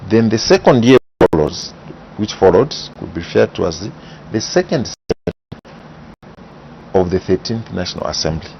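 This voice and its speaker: A man, explaining parliament procedure in measured, methodical interview answers. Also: fairly low pitch, lively intonation, gravelly, a little mellow. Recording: dull broadcast audio with faint hiss.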